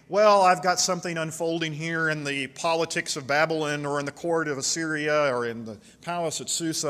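A man preaching a sermon in a church, reading scripture aloud with passionate, slowed emphasis. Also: on the high side, fairly bright tone, big-room sound. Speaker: pastor.

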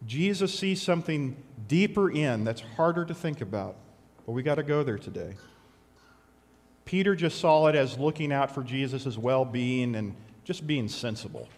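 A middle-aged man preaching a sermon as pastor, conversational and animated with sudden loud bursts. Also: fairly high pitch. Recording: long hall reverb.

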